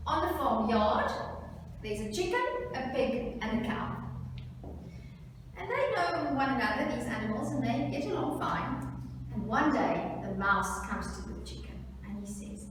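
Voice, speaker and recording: A woman's voice: on the high side, very animated, a little slow, far from the mic, slight background noise. Woman telling a story in an echoey hall. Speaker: workshop facilitator. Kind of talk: storytelling to students. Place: large school hall.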